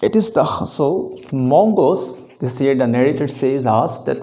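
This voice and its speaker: A man's voice: medium pitch, animated, measured pace, warm tone, poor audio. A man teaching a literature lesson, explaining a story line by line and repeating himself with frequent "okay"s. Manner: repetitive, fills with frequent "okay". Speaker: English teacher.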